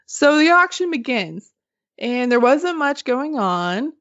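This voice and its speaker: Chatty higher-voiced woman telling a story. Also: slow pace, dry recording. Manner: animated, laughs often, swears casually. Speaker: podcast co-host telling a story. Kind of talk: casual storytelling chat. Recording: slightly muffled dry podcast audio.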